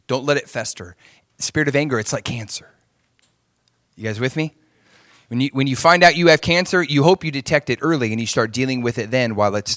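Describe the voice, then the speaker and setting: A male pastor preaching in an animated style, dropping to near-hushed asides and then pushing hard on key points. He keeps asking the congregation whether they are following along. His voice sits at an ordinary middle pitch, and the recording is dry and close. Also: dry recording. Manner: animated preaching, swinging between hushed and emphatic; asks the crowd for agreement often. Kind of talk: sermon.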